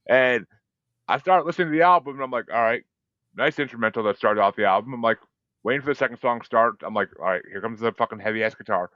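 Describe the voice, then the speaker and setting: A man hosting a podcast in casual chat, telling stories in a profane, animated way and acting out his own reactions. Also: medium pitch, fast talker, no room sound. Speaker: podcast host. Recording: dull, dry lo-fi sound.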